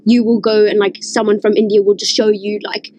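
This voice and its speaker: A woman's voice: medium pitch, level tone, fairly quick, darkish tone, a little hiss or hum, poor audio. A young woman from Africa, chatting and asking questions in a casual podcast, bubbly and full of "like" fillers. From South Africa. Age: young adult. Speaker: student union leader asking the questions.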